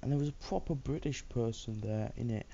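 A man's voice: mid-range voice, brisk, creaky, warm tone, highs cut off, slight background noise. A man hosting a let's play, chatting casually and muttering to himself while he builds. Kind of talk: casual gameplay commentary.

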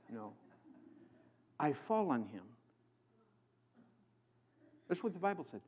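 A man from the American Midwest preaching a sermon as a guest preacher, swinging between loud proclamation and hushed emphasis. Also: mid-range voice, very animated, takes it slowly, pauses often, husky. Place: church.

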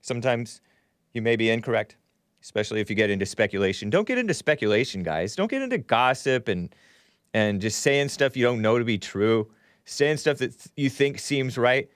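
A man's voice: medium pitch, fairly quick, no echo. A man hosting a livestream, with a voice that swoops up and down as he reacts. He talks directly to his viewers in a chatty, exclamatory way. The sound is close and dry. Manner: animated, reacts aloud with exclamations and laughs. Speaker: livestream host. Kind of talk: casual livestream commentary.

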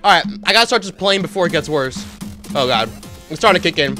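A man giving excitable, slangy commentary on a gaming challenge, often yelping and laughing. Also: fairly high pitch, fast talker, faint music behind. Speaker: gaming YouTuber.

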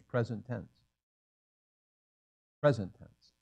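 A man's voice: lowish voice, normal speed, a little mellow. A man in his sixties, a pastor preaching a sermon in a church, emphatic and repeating key phrases for effect. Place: church sanctuary.

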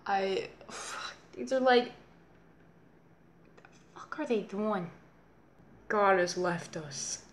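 A woman's voice: medium pitch, very slow, pauses often, noisy background. A young woman reacting to a children's show, swearing and exasperated, with sarcastic commentary. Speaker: reaction video host.

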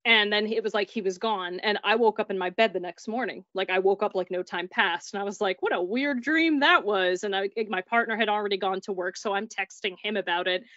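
A fast-talking woman barely pauses as she tells her ghostly experiences, her mid-range voice showing little pitch movement and a fairly bright tone. She is chatty, full of "like," and acts out dialogue. The recording is dull and dry, with no echo.

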